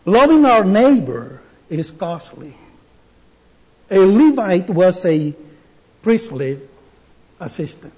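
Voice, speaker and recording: Slow-speaking man preaching, husky voice. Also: high voice, sing-song, a little mellow, dull audio. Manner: slow, deliberate delivery with pauses and restarts. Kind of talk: sermon.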